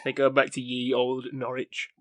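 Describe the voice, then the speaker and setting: A man's voice: mid-range voice, completely flat delivery, normal speed, no echo. A man co-hosting a podcast, giving dry, blunt opinions in casual chat. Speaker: podcast co-host.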